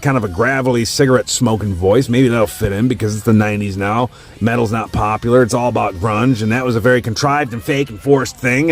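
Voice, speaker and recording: Foul-mouthed man ranting about music. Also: medium pitch. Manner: profane, opinionated, ranting. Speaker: host. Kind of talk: casual ranking rant.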